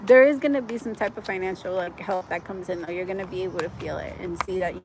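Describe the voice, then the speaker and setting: A woman's voice: fairly low pitch, quick pace, background noise. Chatty woman giving a live tarot reading. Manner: chatty and effusive, heavy use of "like", frequent laughs; gets excited and loud at good news. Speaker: tarot reader.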